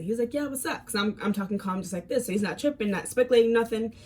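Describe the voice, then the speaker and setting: A woman in her twenties telling a casual storytime vlog, animated, with many fillers and repeated words, swinging from calm to heated. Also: fairly high pitch, quick pace, hardly any pauses, slight background noise. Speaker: fitness vlogger.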